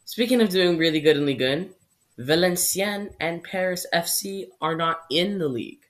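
A man's voice: on the high side, normal speed, a bit bright. A young man from Canada hosting his own football vlog, chatting casually through his predictions and stumbling over names. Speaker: football channel host.

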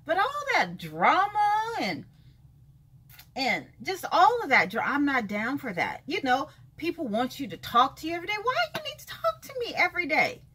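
A woman talks straight to camera in a casual vlog, frank and emphatic, hammering points home by repeating them. Her voice sits high and swoops widely, with a bright edge and a husky grain underneath. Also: huge pitch swings, normal speed. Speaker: vlogger.

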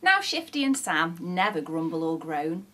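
A woman's voice: on the low side, very animated, moderate pace, bright, forceful tone. A woman, a teacher reading a rhyming children's book aloud in a sing-song storytelling manner.

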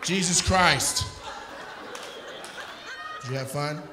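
Loud teasing comedian roasting a crowd. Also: male voice, a little high, slow pace. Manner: loud, teasing, often shouting and laughing. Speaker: stand-up comedian. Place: comedy club stage. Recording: echoey club room with audience noise.

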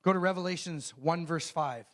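A middle-aged man preaching a sermon as a pastor, calling out questions to the congregation and reading scripture slowly and emphatically. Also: a little high, fairly bright tone. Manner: call-and-response preaching, asks the congregation questions.

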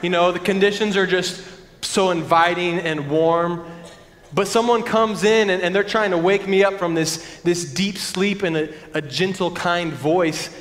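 A pastor preaching a sermon in an earnest, conversational way with frequent restarts. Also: male voice, sits high, steady tone, a little slow, a bit bright. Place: large church sanctuary. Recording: long church-hall reverb.

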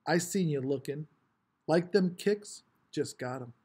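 A man's voice: a little high, animated, measured pace, dark tone, breathy edge. A man voicing a cocky, taunting teenage boy who talks in swaggering slang.

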